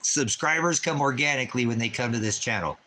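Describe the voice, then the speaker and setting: A man's voice: mid-range voice, fairly quick, pushed and bright, a little hiss or hum. A man hosting a casual livestream, rambling and preachy and often cursing, now and then cooing at his dog. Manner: baby talk to his dog. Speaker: YouTube channel host.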